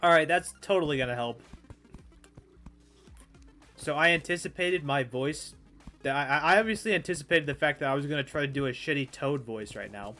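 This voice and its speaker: Soft music plays behind a man streaming a game, his voice fairly high, bright, and forceful, with lively intonation, a moderate pace, and frequent pauses. He rambles casually through his commentary, stammering, poking fun at himself, and swearing freely.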